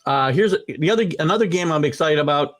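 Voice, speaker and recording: A man's voice: on the high side, expressive, fast, a bit bright. A man hosting a casual sports talk show, opinionated and rambling, with lots of fillers and restarts.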